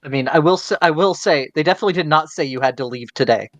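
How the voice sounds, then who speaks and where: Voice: mid-range voice, quick pace, no echo. Dry-sounding game master, casual. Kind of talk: narrating a tabletop game.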